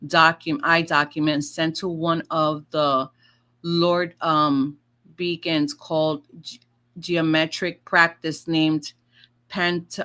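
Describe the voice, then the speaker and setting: A woman's voice: sits low, flat delivery, slow, pushed and bright. A woman talking to her viewers as a tarot and astrology vlogger, in a chatty rambling monologue where she swears freely and acts out her own past remarks.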